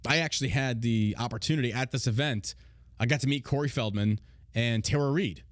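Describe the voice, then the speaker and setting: A man hosting a podcast, talking in a blunt, heavily profane casual rant with loud, mocking outbursts. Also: mid-range voice, brisk, no echo, clean studio sound. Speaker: podcast host.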